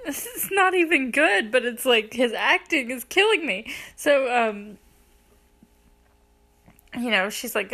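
Bright-voiced young woman gushing over a movie. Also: a little high, lively intonation, unhurried, long pauses. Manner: chatty and gushing, lots of "like", laughs between lines. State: teary, close to crying. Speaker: movie reviewer. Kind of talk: casual movie recap.

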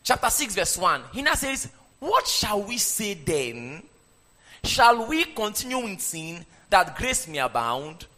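A man's voice: high-pitched, takes it slowly. A man preaching a sermon and having the congregation repeat his lines back to him. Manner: animated preaching, leads the congregation in call-and-response. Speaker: pastor. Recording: echoey hall with long reverb.

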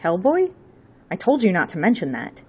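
A woman putting on a smooth-talking theatrical agent with a dry, wry wit. He talks briskly and drily in a low, breathy voice. It is an audiobook reading. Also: animated, darkish tone.

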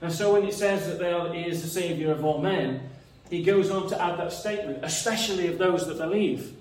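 Man, preacher, earnest sermon, slightly high voice, distant mic. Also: brisk, a little mellow. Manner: earnest, reasoning aloud, repeats words. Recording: echoey room, mic some distance away.

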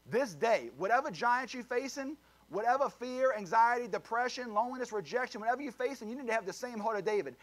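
A fervent preacher with a high-pitched man's voice. He drives his points home with loud, emphatic bursts, then drops into low, confiding asides to the congregation. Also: expressive, fast. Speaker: pastor. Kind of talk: sermon.

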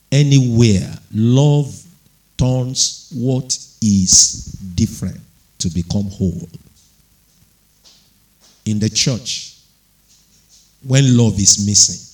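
A man preaching a sermon, slow and deliberate at first, then rising into impassioned, raised delivery. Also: mid-range voice, low-quality recording. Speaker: pastor.

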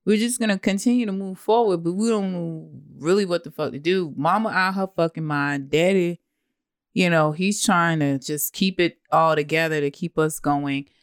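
A woman co-hosting a podcast in casual chat, telling stories with animated, profane jumps in pitch. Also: normal speed, smooth. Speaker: podcast co-host.

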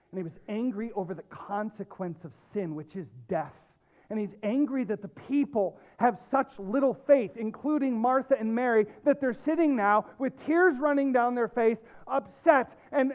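A male pastor preaching a sermon, emphatic, dropping low and quiet and then rising with loud stress. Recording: tinny phone-like lo-fi sound.

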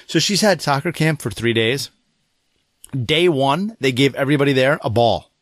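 A man's voice: mid-range voice, moderate pace, no room sound, studio quality. A middle-aged man chatting casually as a co-host, retelling parenting frustrations with exasperation. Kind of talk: casual chat.

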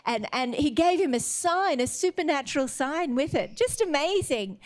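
High-voiced woman preaching a sermon. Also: lively intonation, moderate pace, hardly any pauses. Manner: retells scripture with acted quotes, earnest and exhorting.

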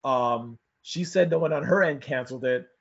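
Husky-voiced man in casual chat. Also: mid-range voice, moderate pace. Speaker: podcast co-host. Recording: dull lo-fi audio.

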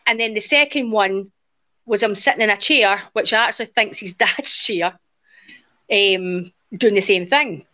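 A woman in her forties, appearing as an interview guest, casually tells a personal story and acts out the quoted dialogue in a lively way. She speaks a little slowly at medium pitch, on dull lo-fi audio.

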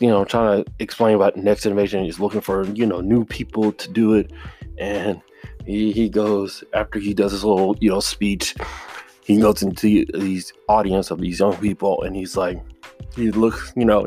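A man's voice: on the low side, steady tone, moderate pace, dark tone, soft background music. A man hosting a podcast, casually retelling a drama in a rambling way and acting out lines from it. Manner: rambling retelling, acts out quotes. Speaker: podcast host.

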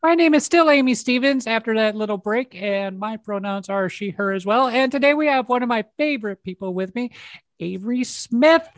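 A woman's voice: fairly high pitch, normal speed, dry recording. A woman from Minnesota co-hosting a podcast over a video call, friendly and conversational. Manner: friendly, conversational, some restarts. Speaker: podcast co-host.

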